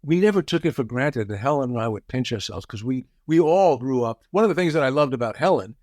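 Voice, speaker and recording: A man in his sixties telling show-business anecdotes as a guest, animated and often acting out quotes. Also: medium pitch, fast, no echo, studio quality. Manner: lively storyteller, acts out quotes.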